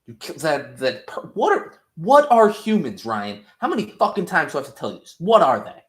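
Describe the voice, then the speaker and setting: Man doing a shrill, raging superhero dad. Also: sing-song, extremely slow, sharp tone, heavily acted. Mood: contemptuous. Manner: shrill, mocking outbursts. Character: volatile, menacing superhero father, man. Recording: roomy echo.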